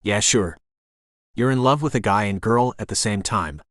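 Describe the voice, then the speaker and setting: A man's voice: fairly low pitch, moderate pace, fairly bright tone, no room sound, clean studio sound, natural voice. A man voicing a nervous, awkward young man of about twenty in an audiobook, stammering as he talks. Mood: eager. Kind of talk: audiobook character reading.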